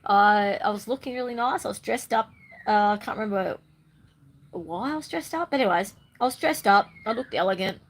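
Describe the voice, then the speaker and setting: A bubbly woman chatting on camera in a loose, rambling monologue. Her voice sits in a middle pitch, and now and then she breaks into playful sing-song bursts. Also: fairly quick, poor audio. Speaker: spiritual vlogger. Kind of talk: casual monologue.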